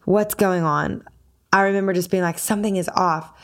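A woman's voice: lowish voice, moderate pace. A woman hosting a podcast, chatting casually and telling a personal story, acting out her own quoted lines as she goes. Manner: storytelling, quotes herself with animated voices. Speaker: podcast host and singer.

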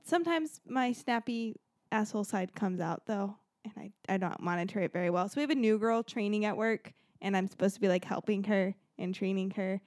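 A woman's voice: mid-range voice, brisk, a little mellow, no echo, clean studio sound. A woman co-hosting a podcast, telling a story casually with lots of fillers and laughs. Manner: chatty storytelling with frequent "like" and laughs. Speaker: podcast co-host.

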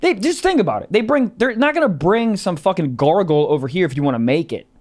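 A man's voice: sits high, fast talker. A man co-hosting a podcast, rambling and cursing in loose comedic chat. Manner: animated, profane, rambling. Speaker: podcast co-host.

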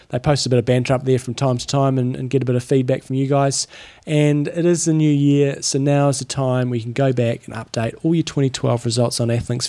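A man's voice: mid-range voice, darkish tone. A man co-hosting a podcast in casual chat, teasing and joking with his partner. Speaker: podcast co-host.

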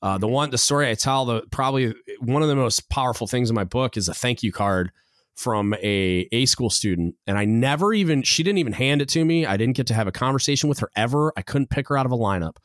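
A male podcast host telling a story in a relaxed way, with fillers, dropping lower when he quotes others. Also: fast talker, no room sound, clean studio sound. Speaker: podcast host, Navy chief. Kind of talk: casual chat.

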